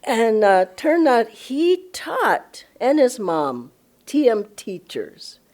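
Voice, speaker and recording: Older woman, lively storyteller. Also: fairly high pitch, slow. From Los Angeles, USA. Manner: enthusiastic, laughing often, reenacting her own surprise. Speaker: spiritual director giving a satsang talk. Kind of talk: personal storytelling talk.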